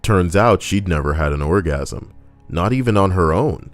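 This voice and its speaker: A man with a very low, deep voice reads out online posts and mocks them in loose, crude commentary. He is sarcastic and rambles off on tangents as he goes. Soft music plays quietly behind him. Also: lively intonation, normal speed, no echo. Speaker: YouTuber reading Reddit posts. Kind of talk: casual comedic commentary.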